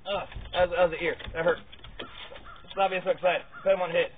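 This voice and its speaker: A vlogger handling dogs in an outdoor pen gives rambling, casual commentary, repeating words and grunting with effort. His voice sits high and steady, and he talks fast through tinny, phone-like audio with faint noise.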